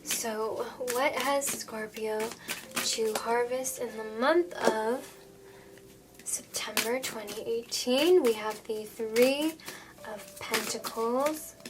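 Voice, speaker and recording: A woman reads tarot for her viewers in a gentle, reassuring way. Her voice sits a little high, and she pauses often and fills gaps with soft hesitations. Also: background noise. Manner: gentle, reassuring, with frequent fillers. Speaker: tarot reader. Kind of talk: tarot reading monologue.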